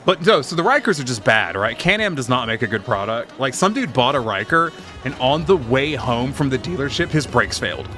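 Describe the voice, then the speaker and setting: A man's voice: mid-range voice, big pitch swings, brisk, bright, forceful tone, faint music behind. A man streaming a game, telling rambling, profane work stories in casual chat. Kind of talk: casual chat while gaming.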